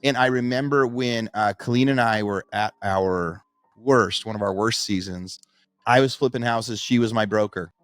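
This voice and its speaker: A man's voice: lowish voice, normal speed, dry recording, faint music behind. A middle-aged man co-hosting a podcast, chatting casually and telling anecdotes with acted-out quotes. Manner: storytelling, acts out quoted voices. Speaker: podcast co-host. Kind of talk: casual chat.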